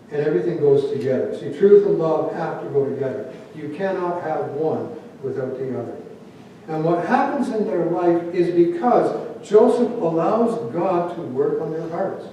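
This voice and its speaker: Male pastor, conversational sermon, mellow voice, recorded from a distance. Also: on the high side, a little hiss or hum. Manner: conversational, acts out quoted voices. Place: church sanctuary. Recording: very echoey church hall, mic at a distance.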